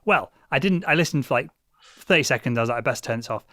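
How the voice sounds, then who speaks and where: A man's voice: medium pitch, lively intonation, fast, fairly bright tone, dry recording, clean studio sound. A young man hosting a podcast, chatting casually with lots of restarts and fillers. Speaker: podcast host. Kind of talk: casual chat.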